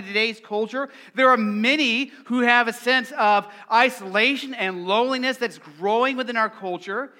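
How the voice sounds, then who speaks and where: Brief: middle-aged male preacher, very high bright voice, playful and engaging with the crowd. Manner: lively, playful, asks the congregation questions. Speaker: pastor. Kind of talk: sermon.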